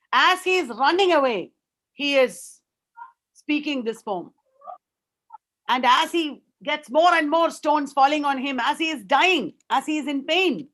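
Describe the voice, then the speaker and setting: High-voiced woman lecturing earnestly. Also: fairly bright tone. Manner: earnest, explanatory, repeats words for emphasis. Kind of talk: academic webinar lecture.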